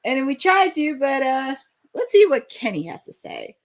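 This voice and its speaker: A young woman hosts a live wrestling watch-along, her high voice moving at a normal speed. Her play-by-play is excitable and erupts into shouts whenever something big happens.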